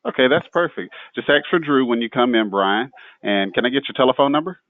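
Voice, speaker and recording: A man's voice: mid-range voice, lively intonation, a little fast, dry recording. A man playing a tire shop service rep in a practice call, polite and scripted. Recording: dry, tinny phone-like line.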